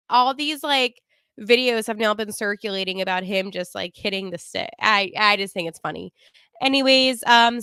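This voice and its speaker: A woman's voice: medium pitch, pushed and bright, smooth, no room sound. Chatty woman hosting a sports podcast. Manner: chatty, laughs often, many fillers. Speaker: podcast host. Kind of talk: casual live sports podcast.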